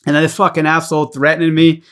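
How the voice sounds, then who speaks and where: New man, fairly high voice, swears constantly, rambling story, casual podcast chat. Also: completely flat delivery, fast talker, a bit bright, clean tone. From New York. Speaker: guest.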